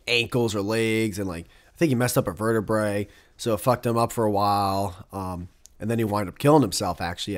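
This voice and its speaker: A young man hosting his own podcast alone, talking casually in a rambling, profane way that keeps breaking off into asides. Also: on the low side. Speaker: podcast host. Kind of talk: casual solo podcast monologue.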